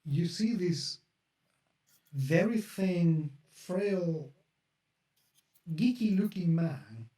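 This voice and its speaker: A man narrating as game master of a tabletop horror game, in a slow, descriptive, halting way. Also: sits high, expressive, dark tone. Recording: roomy echo, from a distance.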